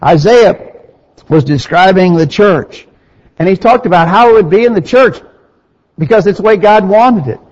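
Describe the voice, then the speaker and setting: Guy preaching in a church hall, kinda high voice, long echo, dull sound. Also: lively intonation, normal speed. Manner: rhetorical questions, rising emphasis, reads scripture aloud. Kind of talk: sermon.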